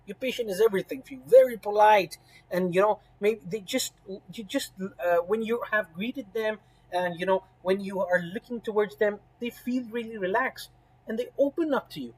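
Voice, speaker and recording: A man's voice: sits high, moderate pace, a little mellow, breathy edge, rough recording. A man teaching a medical exam course in a spoken lesson, emphatic and full of "right?" and "you know".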